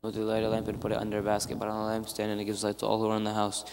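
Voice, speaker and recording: A lowish male voice reads scripture quickly on nearly one pitch. Clear background noise and clicks mix with the church's long reverb. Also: monotone. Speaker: Gospel reader. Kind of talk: scripture reading.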